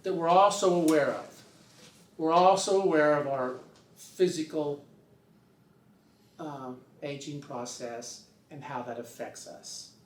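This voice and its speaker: This older man talks slowly with long pauses, his voice on the high side, as he wanders through a casual story and imitates other people's voices. The recording is roomy, captured distant from the mic.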